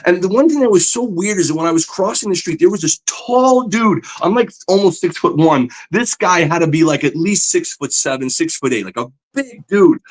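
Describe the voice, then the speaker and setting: Poor audio captures this comic artist, a podcast guest whose voice sits on the high side. Swapping stories with plenty of "you know" fillers, he gets lively and his voice goes up as he gets worked up.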